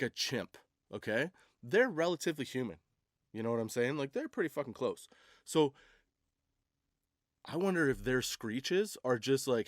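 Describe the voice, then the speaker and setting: A man's voice: medium pitch, no echo, studio quality. A man hosting a comedy podcast, rambling through a casual monologue with laughs and restarts. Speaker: podcast host.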